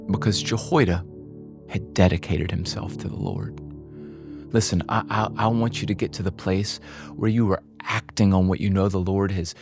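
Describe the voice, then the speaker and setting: A man's voice: lowish voice, a little mellow. A male pastor preaching a sermon in an impassioned way, often repeating and restarting words. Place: church.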